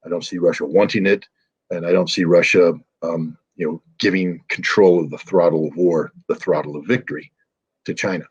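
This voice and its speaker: A man's voice: low voice, fairly even intonation, normal speed, breathy edge, dull audio. A man giving impassioned political commentary as an interview guest, emphatic and heated, with frequent ums and restarts.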